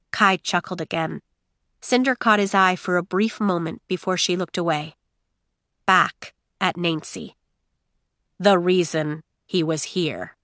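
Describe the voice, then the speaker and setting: A woman narrating a novel in measured, expressive storytelling. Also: on the low side, dry recording, studio quality. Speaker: audiobook narrator. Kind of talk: scripted narration.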